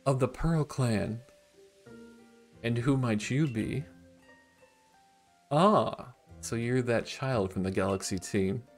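A man voicing a dignified, calm female clan leader from a game, reading her lines in a slow, measured way. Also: medium pitch, soft background music. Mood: stately. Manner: slow, measured, stately delivery.

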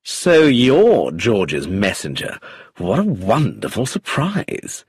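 A charming, amused rogue with a cold streak, drawling and chuckling, as a man reads him. The voice is low and husky, with pitch that swings wildly. The storybook reading is slow. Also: huge pitch swings, no room sound, clean studio sound, heavily acted.

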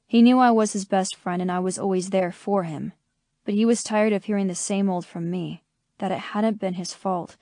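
A woman reading an audiobook as scripted first-person narration, in a measured, steady manner on a close studio mic. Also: mid-range voice, no echo.

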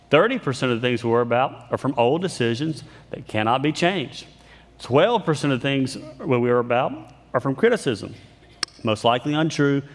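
A man delivers a sermon in an easygoing, conversational way, poking fun at himself and often restarting his sentences. His pitch sits at an ordinary middle height. The sound carries a long reverb from a large church hall. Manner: conversational, self-deprecating humor, frequent restarts. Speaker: pastor. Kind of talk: sermon with storytelling. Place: church sanctuary.

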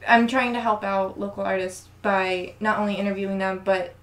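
A woman's voice: mid-range voice, flat delivery, normal speed, a bit bright. Chatty young woman in a roomy space. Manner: chatty, laughs often, lots of "like". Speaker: podcast co-host. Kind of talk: casual chat. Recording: roomy, faint background hiss.

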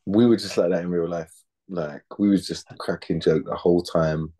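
A man's voice: deep voice, steady tone, normal speed, warm tone. A man in his thirties, an actor chatting casually in an interview, laid-back and slangy, often repeating words as he thinks.

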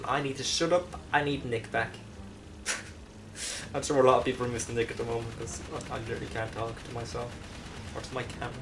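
A man's voice: medium pitch, steady tone, fairly quick, long pauses, distant mic, background noise. A man giving casual gameplay commentary, rambling and poking fun at himself as he plays. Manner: rambling, self-mocking, jokey asides. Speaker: let's play commentator.

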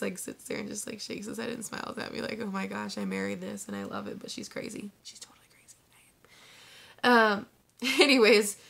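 A woman's voice: mid-range voice, fairly bright tone. A woman in her twenties vlogging to her phone camera, chatty and gushing, filling her talk with "like". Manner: bubbly, gushing, says "like" constantly. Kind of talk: casual chat to camera.

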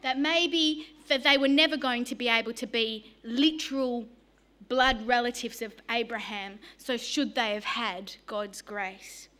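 An Australian woman preaching a sermon, telling stories in a lively, humorous way. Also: a little high, unhurried. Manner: lively storytelling with humour.

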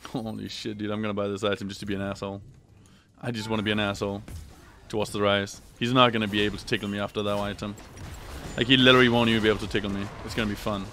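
A young man commentating his own gameplay on a live stream, swearing, trash-talking and yelling when excited. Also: fairly low pitch, rapid-fire, faint music behind. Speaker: gaming streamer.

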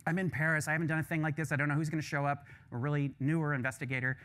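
A man, a full professor, closing a lecture with candid, animated stories and casual asides. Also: fairly high pitch, racing. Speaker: visiting professor giving a lecture.

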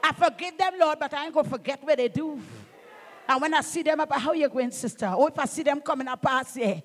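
A middle-aged Trinidadian woman preaches from the pulpit with fervour. She hammers her points home, calls out to the congregation, and rises into shouts as the sermon builds. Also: high-pitched, fast. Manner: fervent, emphatic preaching with call-outs and bursts of shouting. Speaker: pastor.

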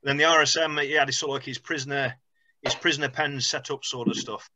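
A man's voice: mid-range voice, steady tone, fast, sharp tone, no room sound. A middle-aged man, an army veteran, recalling events in a rambling way full of fillers over a video call. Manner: rambling, full of "sort of" and "you know". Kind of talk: recounting war memories on a video call. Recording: dry, lo-fi video call audio.

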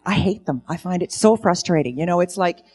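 A woman's voice: on the low side, animated, brisk, darkish tone. A middle-aged woman telling stand-up comedy stories on stage, in a dry storytelling way. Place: event stage.

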